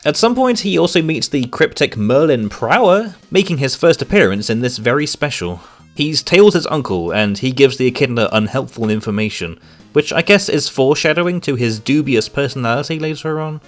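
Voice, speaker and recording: A man reading out a scripted comic review with sarcastic, exasperated commentary. His pitch sits in a middle range but swings widely as he talks. Soft music plays faintly underneath. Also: lively intonation, normal speed.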